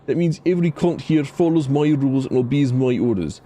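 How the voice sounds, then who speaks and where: Gruff menacing Scottish camp leader, male, bossy and curt, voiced by a man. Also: mid-range voice, a little fast, mellow, slight background noise, pitched above the performer's own voice, natural voice. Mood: stern. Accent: put-on Scottish. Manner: stern, threatening, clipped.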